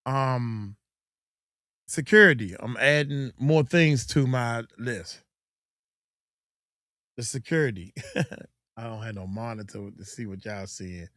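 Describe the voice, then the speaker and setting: A middle-aged man talks in a loose, rambling way, like a coach chatting on a livestream. His pitch sits in an everyday middle range. The sound is dry and close, with no room echo. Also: takes it slowly, pauses often, fairly bright tone. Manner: loose, rambling, acts out quotes in mocking voices. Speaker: host and coach. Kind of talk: casual livestream chat.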